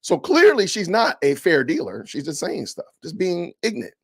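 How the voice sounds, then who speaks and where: Animated, high-pitched ranting man. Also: normal speed, gravelly, slightly rough. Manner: animated, indignant ranting, preachy. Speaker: podcast host. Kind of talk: livestream commentary reading comments.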